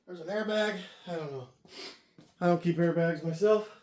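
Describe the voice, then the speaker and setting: A man unloading a trailer of car parts outdoors in the cold, out of breath and talking while he works. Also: fairly high pitch. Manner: talks while lifting and hauling, breathy pauses. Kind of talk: casual narration while working. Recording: echoey, distant camera audio with clear noise.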